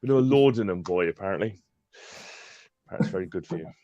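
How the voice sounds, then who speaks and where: A man's voice: sits low, expressive, a little fast, warm tone, no room sound. A man co-hosting a casual live-stream chat on a video call, chatty, laughing often and full of fillers. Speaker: co-host. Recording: dry, slightly dull call audio.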